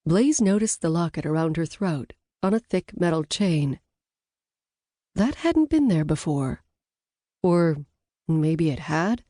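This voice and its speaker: Slow, low-voiced woman narrating an audiobook. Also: mellow, no echo, clean studio sound.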